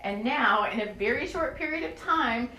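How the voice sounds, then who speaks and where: A woman's slightly high, animated voice carries her channeled spiritual podcast at a moderate pace. Earnest and emotional, she rambles with many fillers, and the recording has a touch of hiss or hum, an echoey room, and soft music.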